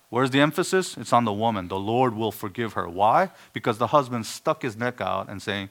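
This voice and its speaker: Emphatic male preacher, hushed to loud. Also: mid-range voice, lively intonation, moderate pace, few pauses. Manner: emphatic, swings between hushed asides and loud stressed words. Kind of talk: sermon.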